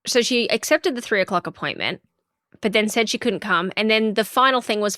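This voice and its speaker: A woman's voice: medium pitch, a little fast, no room sound, studio quality. A woman co-hosting a podcast, telling an outraged story in casual chat and acting out the people in it. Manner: animated, indignant storyteller who acts out quotes. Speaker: podcast co-host.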